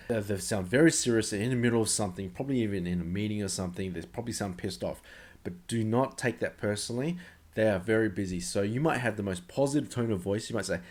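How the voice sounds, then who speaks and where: A man gives sales advice straight to camera in a loose, chatty way. His voice sits a little low, and he stresses key points hard, circling back and repeating phrases as he goes. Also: darkish tone. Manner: emphatic, conversational, often repeats himself. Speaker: sales coach. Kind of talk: casual instructional talk to camera.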